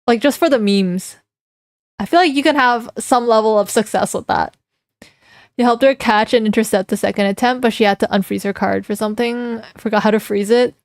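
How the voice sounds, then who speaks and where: A young woman with a higher-pitched voice talks fairly quickly to her live chat, giggling, reading messages aloud, and responding to them in a relaxed way. The recording is dry and studio quality.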